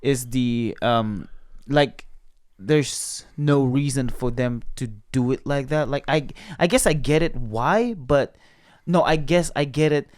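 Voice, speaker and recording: A man's voice: mid-range voice, slow, no echo, studio quality. A man co-hosting a podcast, reviewing a movie in casual chat, blunt and opinionated with plenty of fillers. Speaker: podcast co-host.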